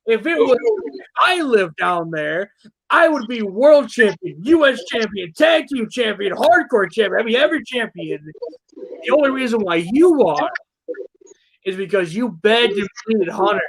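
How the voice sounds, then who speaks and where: A man hosting a backyard wrestling talk show, cutting a brash, mocking promo that swings between mumbled asides and shouts. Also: high voice, very animated, unhurried, no echo, low-quality recording. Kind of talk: trash-talking wrestling promo.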